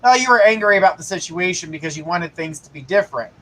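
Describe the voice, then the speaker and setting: A man's voice: sits high, animated, quick pace, fairly bright tone, slight background noise, low-quality recording. A man hosting a live psychic show, giving casual, reassuring readings and direct advice to a caller. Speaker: psychic host.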